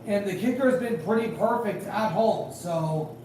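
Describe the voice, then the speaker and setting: A man calling a game live in casual play-by-play, rambling and hedging with fillers, growing excited on big plays. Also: high voice, moderate pace. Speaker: amateur game commentator and high school official. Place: at home at night. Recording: very echoey room, distant mic, faint noise.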